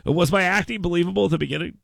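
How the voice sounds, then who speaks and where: A man hosting a radio talk show, excitable and mock-dramatic, stumbling over repeated words in comedic chat. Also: sits high, rapid-fire, vocal fry, dry recording, clean studio sound.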